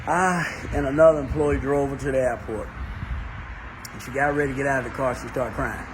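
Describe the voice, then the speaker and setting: A man's voice: mid-range voice, steady tone, a little fast, noisy background. A man, a motivational speaker telling a story in a repetitive, preacher-like cadence. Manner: emphatic. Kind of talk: storytelling talk.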